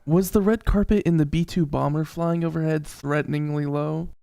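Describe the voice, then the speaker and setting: A male co-host drops dry, sarcastic quips. His voice is gravelly and dark, and it sits a little high. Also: steady tone, normal speed. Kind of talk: wry sidekick comments.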